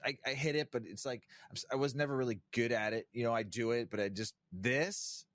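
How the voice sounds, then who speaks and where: A man's voice: medium pitch, brisk, fairly bright tone, no echo, clean studio sound. A man hosting a casual podcast, talking in a laid-back, profane way, laughing often and acting out his own reactions. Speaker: podcast host. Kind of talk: casual stoner chat.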